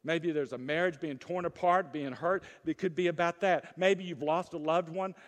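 A man preaching a sermon as pastor, moving between loud urgent peaks and soft, low asides, and asking the congregation questions. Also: fairly even intonation, moderate pace. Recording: long reverb of a church hall.

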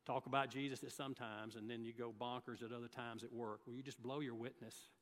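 Male preacher, folksy storyteller; bright voice with a long reverb. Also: mid-range voice, little pitch movement, a little fast. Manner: folksy storytelling, acts out the people he quotes. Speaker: guest preacher. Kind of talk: sermon. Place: church sanctuary.

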